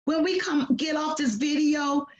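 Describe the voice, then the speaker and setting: A woman teaches a children's Bible lesson in a high voice, speaking slowly and deliberately. She gets animated, acting out lines with sudden loud bursts. The recording is roomy and a little dull. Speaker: Sunday school teacher.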